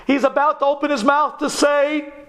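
A man's voice: extremely high pitch, little pitch movement, normal speed, sharp tone. A man, a rabbi, tells a sermon story with drama, dropping to whispers at tense moments.

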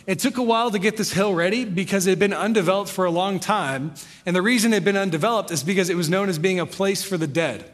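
A young man preaching a sermon, reading scripture aloud and retelling it in a relaxed, conversational way. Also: sits high, quick pace, long reverb tail. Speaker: pastor.

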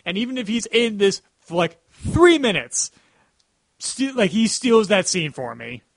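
A man's voice: high voice, sing-song, measured pace, creaky, no echo. A man hosting a casual podcast chat, rambling with many "like" fillers. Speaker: podcast host.

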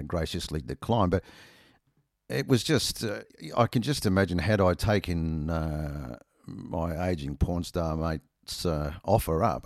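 A man's voice: deep voice, a little mellow, no echo, clean studio sound. A middle-aged Australian man telling a rambling, self-mocking anecdote in casual chat, full of ums and uhs.

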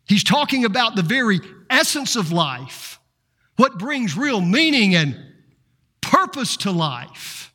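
A man preaching a sermon, slow and dramatic, with repeated refrains and rhetorical questions. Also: high-pitched, sing-song, bright, forceful tone. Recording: reverberant hall.

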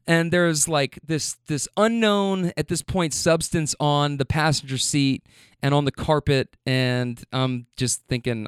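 A man's voice: fairly high pitch, normal speed, fairly bright tone, clear, resonant tone, no room sound, clean studio sound. A man casually telling a story, rambling with fillers, stammers and swearing.

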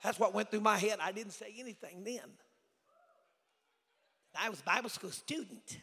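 An older man preaching a sermon as evangelist, folksy and storytelling, rising to shouts. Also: high-pitched, moderate pace, husky. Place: church sanctuary. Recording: church hall reverb.

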